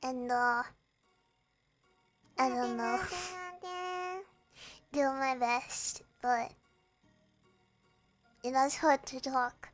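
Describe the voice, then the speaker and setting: A young woman streaming, with a hoarse, croaky voice, chatting hesitantly and reading viewer messages aloud. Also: high voice, faint music behind. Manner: slow, hesitant, reads chat aloud and answers. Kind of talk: casual chat with viewers.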